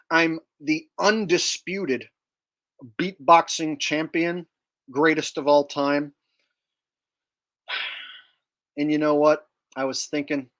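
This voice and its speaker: A man hosting a casual livestream, chatting with viewers in a deadpan, mock-bragging, joking manner. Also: a little high. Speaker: livestream host.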